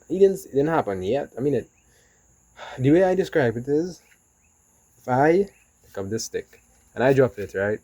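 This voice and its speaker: A man's voice: medium pitch, brisk, pauses often, dark tone, dry recording, rough recording. A man talking casually in a rambling motivational monologue, often saying "you know". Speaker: vlogger.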